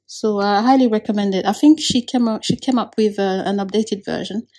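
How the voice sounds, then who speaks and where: A woman talking casually to camera in a vlog, relaxed and chatty. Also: mid-range voice, a little fast. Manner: relaxed, chatty, with frequent fillers. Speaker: vlogger.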